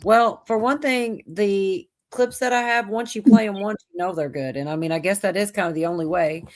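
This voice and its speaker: A woman's voice: medium pitch, normal speed, dry recording. A woman hosting a casual livestream, rambling and laughing easily. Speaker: livestream host.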